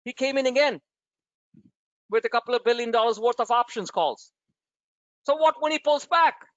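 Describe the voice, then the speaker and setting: A man's voice: very high-pitched, normal speed, no room sound, muffled recording. A man hosting a trading webinar, blunt and emphatic, firing off rhetorical questions at his listeners.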